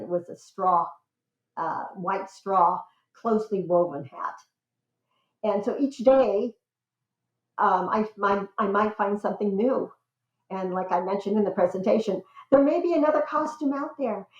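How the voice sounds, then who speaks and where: An older woman, a guest relations expert, chatting enthusiastically in an interview about her research. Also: mid-range voice. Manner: enthusiastic, squeals with excitement when telling stories. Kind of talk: conversational interview. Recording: roomy, slightly dull sound.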